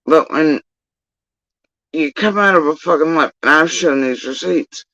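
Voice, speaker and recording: A man's voice: a little high, expressive, unhurried, creaky, bright, forceful tone, dry recording. A man telling a long, agitated, profane story on a livestream, repeating himself as he goes. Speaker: livestreamer recounting personal events. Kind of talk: rambling livestream monologue. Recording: dull lo-fi stream audio.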